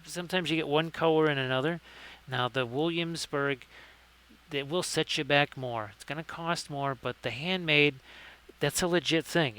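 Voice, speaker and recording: Male stream host, chatty and jokey, bright and clear-toned. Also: medium pitch. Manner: chatty, jokey, many fillers, greets chat viewers. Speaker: live-stream host and miniature painter. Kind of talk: casual live-stream chat.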